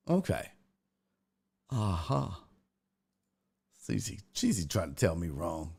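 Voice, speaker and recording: A man's voice: on the low side, wildly swooping pitch, takes it slowly, gravelly, pauses often, darkish tone, breathy edge. A man hosting a casual livestream sports talk show, swearing freely as he reads chat comments aloud and answers them.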